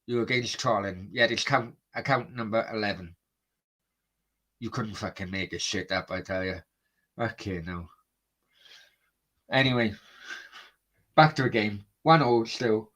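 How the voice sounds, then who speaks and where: A man's voice: on the low side, measured pace, pauses often, a bit bright. A man hosting a football watchalong stream, chatting bluntly and swearing as he answers his chat. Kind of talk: casual live-stream chat.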